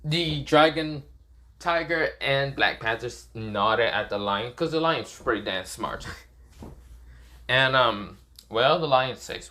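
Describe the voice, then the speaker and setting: A man improvising a fan story aloud, rambling with many fillers and clearing his throat often. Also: mid-range voice, expressive, slow pace, sharp tone.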